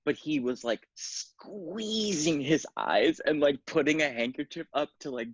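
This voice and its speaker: A man's voice: fairly high pitch, animated, a little slow, husky, no room sound. Sarcastic man on a dull lo-fi line. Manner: sarcastic, dishy. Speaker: guest co-host. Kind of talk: casual chat.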